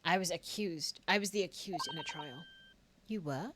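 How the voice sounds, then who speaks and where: A woman reading the lines of an earnest young male law student aloud from a game, in a quiet, low, solemn tone. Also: huge pitch swings, normal speed, noisy background.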